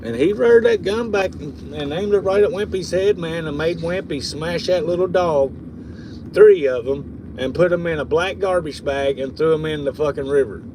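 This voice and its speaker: A man's voice: a little high, sing-song, moderate pace, noisy background. Profane man telling stories. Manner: profane, rambling, drawling with frequent laughs. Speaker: livestream host. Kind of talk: casual storytelling on a livestream.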